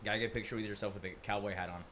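A man co-hosting a casual podcast, excitable and swearing, jumping high when thrilled. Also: racing, crowd noise. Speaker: podcast co-host.

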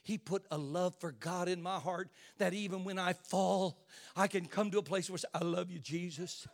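An older man preaching an impassioned sermon as a bishop, dropping to hushed asides and rising to shouts. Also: sits high, steady tone, normal speed.

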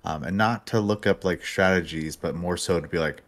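Deep-voiced man, hesitant casual talk. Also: fairly quick. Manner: hesitant, many ums and restarts. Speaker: podcast co-host. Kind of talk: casual chat.

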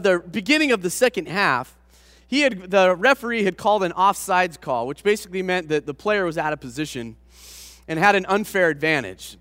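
A man with a high, bright voice tells a sermon story with lively, self-mocking humor. His voice carries a long reverb, as from a large hall. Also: studio quality. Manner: animated anecdote with self-deprecating humor. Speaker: pastor.

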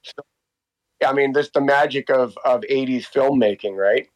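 A man's voice: medium pitch, normal speed, rough recording. Rambling man in his fifties. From Canada. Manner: rambling, many fillers and restarts. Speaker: interviewee, walking tour guide. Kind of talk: casual storytelling.

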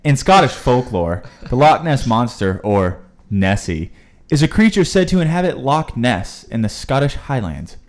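A man's voice: mid-range voice, sing-song, normal speed. Casual young man reading out notes. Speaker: podcast co-host. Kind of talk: casual chat, reading facts aloud.

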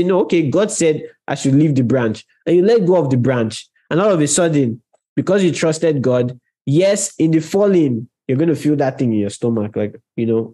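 A man's voice: mid-range voice, warm tone. A man preaching a conversational sermon on prayer, talking directly to his listeners and stressing key words. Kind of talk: sermon teaching.

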